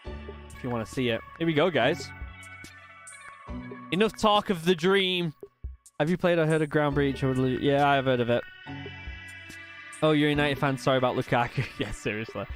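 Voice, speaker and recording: A young man chatting casually on a live stream, reading viewer comments and swearing now and then. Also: medium pitch. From United Kingdom.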